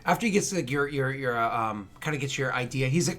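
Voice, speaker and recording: Bright-voiced rambling game master man. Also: mid-range voice, quick pace. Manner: loose, rambling with many fillers and restarts. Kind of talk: narrating a tabletop game.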